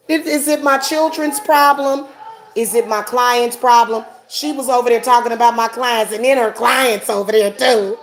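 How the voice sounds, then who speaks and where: Woman host, sassy mocking rant, voice sits a bit high, laughs a lot. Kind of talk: casual livestream rant.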